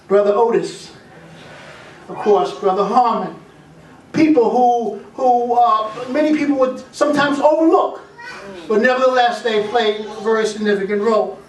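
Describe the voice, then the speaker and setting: A man's voice: very high voice, slight background noise. Distant middle-aged man telling folksy stories. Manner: homespun, repeats phrases, halting restarts. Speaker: son giving a tribute speech. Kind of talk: family tribute speech with folksy stories. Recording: roomy echo, voice from far off.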